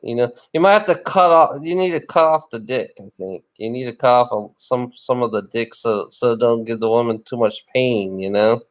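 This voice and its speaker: A man's voice: mid-range voice, normal speed, few pauses. A man chatting casually in a rambling, teasing way, often restarting and repeating his phrases. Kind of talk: casual chat.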